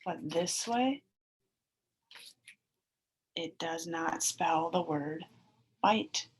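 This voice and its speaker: A woman teacher giving a phonics lesson to young children over a video call, sounding out letters slowly and clearly. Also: fairly low pitch.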